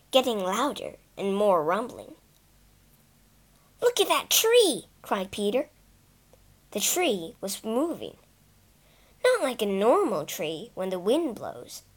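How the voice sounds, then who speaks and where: A woman narrating a children's storybook in a careful, expressive reading. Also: medium pitch, slow.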